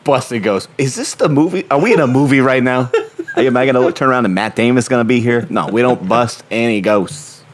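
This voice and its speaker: A man's voice: medium pitch, quick pace, slight background noise. A man co-hosting a casual podcast, joking and self-deprecating. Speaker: podcast co-host. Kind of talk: casual chat.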